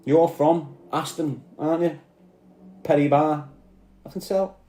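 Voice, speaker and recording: A man's voice: a little high, fairly even intonation, measured pace, dark tone, roomy sound. A man with a Scouse accent, ranting aggressively and swearing as he answers commenters on a live stream. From Liverpool.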